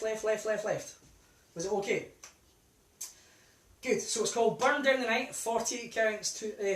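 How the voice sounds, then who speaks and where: Man calling line dance steps. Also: high voice. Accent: British. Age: 40s. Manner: calls steps in a loud, raised, sing-song voice; chatty and relaxed between dances. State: out of breath. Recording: distant mic in an echoey room. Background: music playing.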